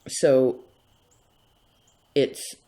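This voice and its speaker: A man's voice: very slow, warm tone. A man giving a casual tarot reading in a rambling, chatty way, often stopping himself mid-thought. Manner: rambling, chatty, self-interrupting. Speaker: tarot reader.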